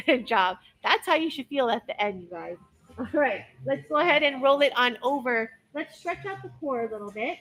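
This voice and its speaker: A woman's voice: high-pitched, very animated, normal speed, fairly bright tone, husky, rough recording. A young woman coaching a workout class, upbeat and encouraging as she counts down each interval. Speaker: fitness instructor.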